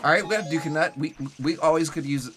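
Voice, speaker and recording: A man's voice: on the high side, fast, background noise. A young adult man streaming a video game live, chatting loosely with viewers and rambling with lots of "like" fillers. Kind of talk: casual live gameplay commentary.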